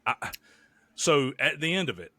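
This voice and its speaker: A man co-hosting a podcast, telling stories in a joking, profane, animated way. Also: a little high, normal speed, dry recording. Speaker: podcast co-host. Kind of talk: casual chat.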